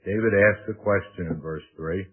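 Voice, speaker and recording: A man preaching a sermon, slow and halting with many pauses and fillers. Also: sits low, breathy edge. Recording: tinny phone-line sound.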